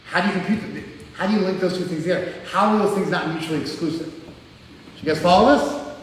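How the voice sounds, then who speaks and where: A man's voice: high voice, quick pace, slight background noise. A man with an American accent giving a casual, teasing spiritual lecture to a live class. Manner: joking, teasing, conversational with frequent "like". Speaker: spiritual teacher. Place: class room in front of a group. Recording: echoey hall, mic far off.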